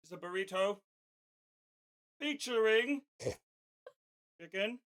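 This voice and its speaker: A man playing a stately slow manservant. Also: sits high, expressive, fairly bright tone, heavily acted. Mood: grandly formal. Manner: grandly dramatic announcing. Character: slow formal male manservant serving dinner. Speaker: food bringer.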